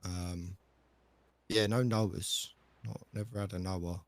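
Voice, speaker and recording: A man's voice: deep voice, steady tone, takes it slowly, no echo. A man playing a laid-back shop boss. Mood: easygoing. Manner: rambling, filler-heavy and easygoing. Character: laid-back male shop manager, chatty. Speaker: shop chief operating officer. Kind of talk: casual game role-play.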